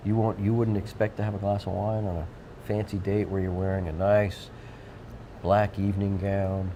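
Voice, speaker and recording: A man's voice: low voice, level tone, normal speed, dark tone, dull audio, slight background noise. A man hosting a local TV talk show, joking and rambling with frequent restarts. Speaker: TV show host. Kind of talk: casual studio banter.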